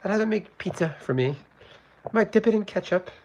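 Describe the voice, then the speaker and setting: A man imitating a boastful older male politician with drawn-out superlatives. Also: sits high, expressive, darkish tone, muffled recording, pitched above the performer's own voice.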